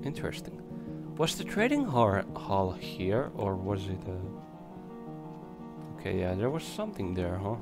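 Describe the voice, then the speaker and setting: A young man casually commenting on his gameplay, chatty and swearing, his voice hoarse from coughing. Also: sits low, big pitch swings, measured pace, pauses often. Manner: chatty, swears, talks to creatures on screen. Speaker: let's play gamer. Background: game music.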